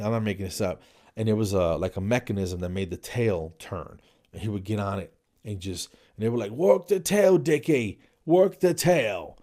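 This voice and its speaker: A man hosting his own comedy podcast, telling rambling, animated stories in a casual way. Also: lowish voice. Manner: animated, rambling, jumps into playful voices for quoted people.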